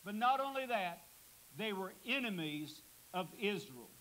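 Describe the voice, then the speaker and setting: A high-pitched man preaching a sermon in a church, pressing hard on key words and lifting his voice to drive them home. His voice sits well above the usual male range. A faint hiss runs under the recording. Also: very animated, measured pace, bright, forceful tone, low-quality recording. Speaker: guest preacher.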